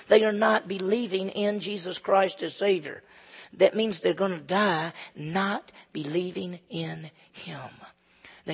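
A man preaching a conversational, emphatic sermon as pastor, swinging between loud and soft. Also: high voice, breathy edge. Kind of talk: expository sermon. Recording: long hall reverb.

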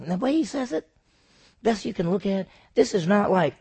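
Gravelly man preaching a sermon. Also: high-pitched, lively intonation, unhurried. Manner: emphatic preaching with rhetorical questions, swinging from loud to hushed. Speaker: pastor.

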